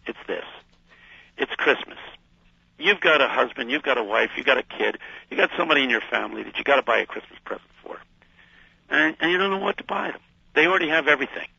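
Man calling in to a radio show, gravelly and kinda husky, bright edge, muffled phone sound, gets real animated. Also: medium pitch, fast talker, dry recording. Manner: lively, emphatic, laughs at his own jokes. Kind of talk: animated storytelling and preaching. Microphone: phone line. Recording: muffled phone-line audio.

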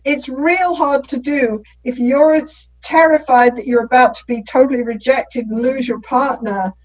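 Middle-aged woman therapist type, higher voice, dull muffled sound, talks it through with lots of "right?". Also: fairly even intonation, moderate pace. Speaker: couples therapist. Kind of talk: conversational explaining.

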